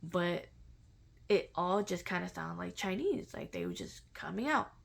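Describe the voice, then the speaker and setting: A woman recounts a personal experience in a relaxed, unhurried way, pausing often and restarting her sentences. Her voice sits a little low and carries a strong rough, creaky texture. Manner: halting and reflective, with many fillers and restarts. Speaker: vlogger sharing a personal spiritual story. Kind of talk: casual personal storytelling.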